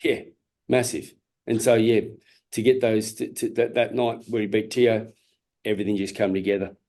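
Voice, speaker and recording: A tired Australian man in his forties with a dark, mellow voice that sits fairly low. He talks bluntly in a casual interview, swearing freely and repeating words as he restarts his sentences. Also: level tone, normal speed. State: tired and yawning. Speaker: interview guest, former boxer.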